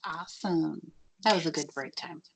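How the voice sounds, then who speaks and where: A woman's voice: low-pitched, moderate pace, creaky. A woman hosting a radio talk show, upbeat and chatty, with easy laughs.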